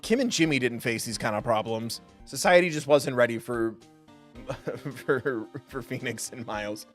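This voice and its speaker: A man's voice: mid-range voice, animated, normal speed, faint music behind. A man streaming a game, giving playful, wisecracking commentary. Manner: playful, wisecracking, laughing often. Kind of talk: jokey gameplay commentary.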